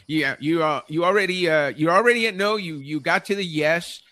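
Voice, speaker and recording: A man's voice: a little high, fairly quick, sharp tone. A man hosting a podcast interview, enthusiastic and encouraging with his guest. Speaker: podcast host. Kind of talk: casual interview.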